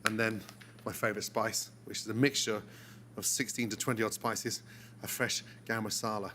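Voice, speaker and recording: A man's voice: fairly low pitch, moderate pace, slight background noise. Man demonstrating a recipe, dishes clinking. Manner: relaxed, encouraging, talks through each step. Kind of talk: cooking show demonstration.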